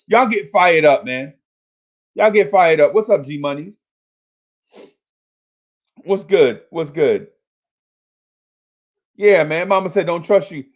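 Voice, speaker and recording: A man's voice: a little high, lively intonation, takes it slowly, long pauses, dull audio. A man hosting a fan livestream, talking casually and hyping up his chat in repetitive, slangy calls.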